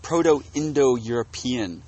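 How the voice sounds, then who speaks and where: A man co-hosting a casual podcast outdoors on the grass, telling stories in a rambling, halting way with lots of restarts. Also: mid-range voice, warm tone, lo-fi sound, a little hiss or hum. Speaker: podcast co-host. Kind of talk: casual chat. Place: outdoors on grass in a field full of bugs.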